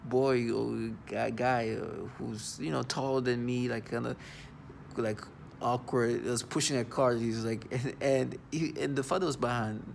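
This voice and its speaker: Gravelly, halting man venting on camera. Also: medium pitch, steady tone, a little hiss or hum. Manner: halting, full of restarts and fillers; agitated and disgusted. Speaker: vlogger. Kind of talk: personal video monologue.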